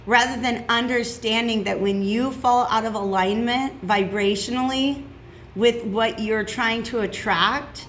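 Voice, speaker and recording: A woman gives a casual tarot reading, chatty and reassuring, often checking in with "okay?" Her voice is a little high and fairly bright, her pace unhurried, with slight background noise.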